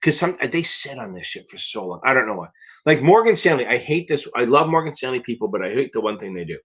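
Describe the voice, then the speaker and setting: A man's voice: mid-range voice, sing-song, quick pace, a bit bright, breathy edge. A man tutoring for a finance licensing exam on a live question-and-answer stream, talking bluntly and emphatically and swearing for emphasis.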